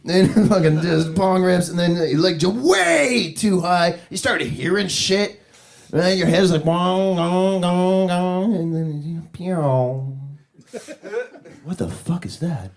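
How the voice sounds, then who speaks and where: A stand-up comic delivers a rambling, profane set in a club, laughing at his own jokes while the crowd is audible around him. His voice sits high and is slightly creaky, with lively intonation and a somewhat slow pace.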